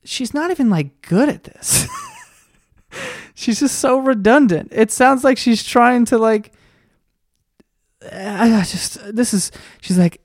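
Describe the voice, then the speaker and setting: A man's voice: very high voice, big pitch swings, slow pace, long pauses, no room sound. Profane, rambling man on a dry mic. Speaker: podcast host. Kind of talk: casual comedic rant. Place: at a computer, searching online.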